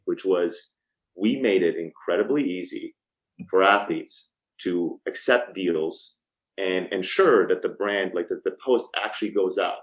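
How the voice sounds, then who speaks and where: Deep-voiced guy in his 30s on a podcast, chatty storyteller, acts out phone calls, lots of ums. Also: low-quality recording. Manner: frequent ums and restarts. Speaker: podcast guest, startup co-founder. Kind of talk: casual storytelling interview.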